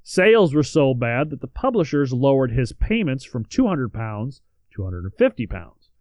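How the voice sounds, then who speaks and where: A man's voice: mid-range voice, big pitch swings, moderate pace, darkish tone, no room sound. A man co-hosting a podcast, reading out history in a casual way with joking asides and the odd swear word. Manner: reads facts then adds joking asides and swearing. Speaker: podcast co-host.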